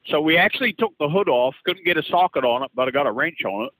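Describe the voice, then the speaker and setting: Male caller, chatty storyteller, mid-pitched, dry sound. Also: lively intonation, fast, fairly bright tone, dry recording, low-quality recording. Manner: chatty storyteller, repeats words. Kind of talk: call-in conversation.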